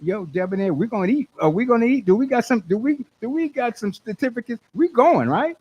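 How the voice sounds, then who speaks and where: An older man, a radio station manager hosting his talk show, hyping an event with exuberant, preachy shouts. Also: extremely high pitch, a little fast, slightly rough, dull audio. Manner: exuberant, preachy call-and-response, shouts when excited. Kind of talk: hyped radio promo talk.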